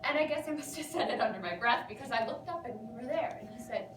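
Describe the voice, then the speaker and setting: Playing a self-absorbed, nervous young woman, an actress rambles dramatically to her therapist in a theatrical comic monologue, her high voice breaking into giggles. The delivery is quick, lively in intonation and lightly acted. She sounds far from the mic in an echoey room, with noise clearly audible behind her.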